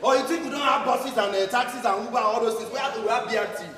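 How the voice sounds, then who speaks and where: A man's voice: extremely high pitch, rapid-fire, music in the background. A man in his twenties with a Nigerian accent, acting in a stage drama as a young man pleading with his fiancée, emphatic and often laughing. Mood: indignant. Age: 20s. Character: Nigerian man, passionate, loving, frustrated. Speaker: stage actor. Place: theater stage. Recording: echoey hall from far off, audience.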